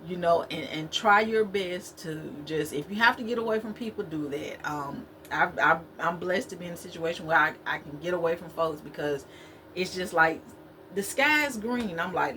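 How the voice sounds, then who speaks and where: A woman's voice: sits low, normal speed, pushed and bright, slight background noise. A woman giving a spiritual talk to her viewers, preachy and repetitive, in a conversational way. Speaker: spiritual vlogger.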